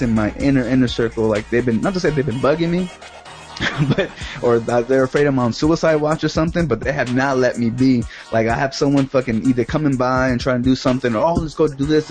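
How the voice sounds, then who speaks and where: Man of mid pitch, loose and profane, circles his story with laughs; soft music underneath. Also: brisk. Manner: rambling, profane, laughs often. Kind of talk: casual chat.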